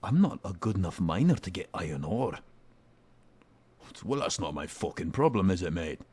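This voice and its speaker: A man voicing a crude, rude male dwarf blacksmith in a deeper put-on accent for a game. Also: sing-song, normal speed, darkish tone, husky, exaggerated voice. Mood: mocking. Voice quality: deeper put-on voice, not Scottish. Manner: rude, swearing, mocking. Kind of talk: fan voicing of a game character.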